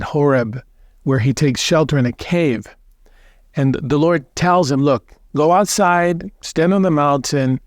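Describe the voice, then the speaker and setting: Gentle priest telling a gospel story. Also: male voice, medium pitch, dry recording, clean studio sound. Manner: gentle, unhurried storytelling with restarts. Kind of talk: gospel reflection.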